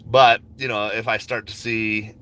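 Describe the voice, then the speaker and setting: With a fairly low voice, flat delivery and measured pace, a man sounds pushed and bright, and slight background noise is audible. He's a stock market vlogger on a casual phone livestream, rambling about his picks from the car and a coffee line, laid-back, joking, swearing freely and laughing often.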